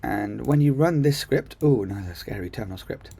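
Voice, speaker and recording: Recorded on his computer mic during a screen capture, this coding teacher walks through a tutorial in a chatty, enthusiastic way, full of ums as he thinks aloud. He talks fairly quickly and animatedly, with a medium-pitched, mellow, husky voice and vocal fry.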